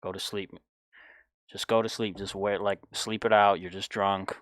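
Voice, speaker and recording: A young man in his twenties tells a long personal story in a blunt, animated way, with plenty of swearing. His voice sits a bit low, and the recording is dry and close with no room sound. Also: moderate pace, dry recording. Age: 20s. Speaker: podcast host. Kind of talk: casual storytelling chat.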